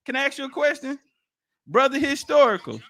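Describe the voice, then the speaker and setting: A man with a high, ringing voice and an African American Vernacular English accent, pressing his point on a live-stream debate panel over a video call. He cuts in, repeats names and questions again and again, and talks over the others. His tone stays sharp and forceful. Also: sing-song, brisk.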